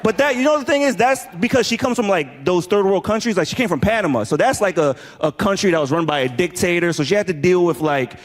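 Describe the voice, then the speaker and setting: A man doing a stand-up comedy set, telling animated stories and shouting out impressions. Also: sits high, fast talker, hardly any pauses, in a large hall. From New York. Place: comedy club stage with a live audience. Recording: crowd laughter and room noise.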